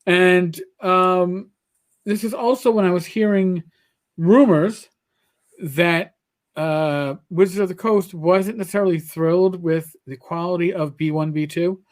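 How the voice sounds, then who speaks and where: New york guy on a podcast mic, pretty high voice, rambling animated stories. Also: a little slow. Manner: chatty, animated storyteller with many restarts. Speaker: podcast co-host. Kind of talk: casual podcast chat. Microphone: computer microphone on a live stream.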